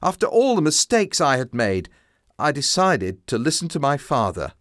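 A man reading a simplified classic story aloud as narrator, with slow, expressive storytelling. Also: mid-range voice, no room sound, studio quality. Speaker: storybook reader.

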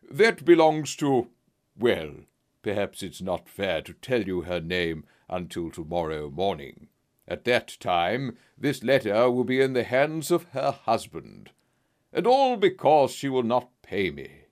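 A man voicing a smooth, menacing middle-aged blackmailer, slow and mocking in a storybook reading. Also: fairly low pitch, big pitch swings, a little mellow. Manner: slow, mocking and falsely sorrowful.

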